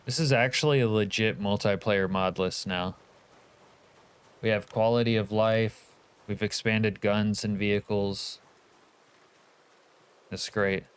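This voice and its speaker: A man's voice: lowish voice, steady tone, slow pace, long pauses, clear, resonant tone. A man from Canada streaming a multiplayer survival game, chatting casually with teammates and viewers, joking and swearing freely. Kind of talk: casual gaming livestream chat.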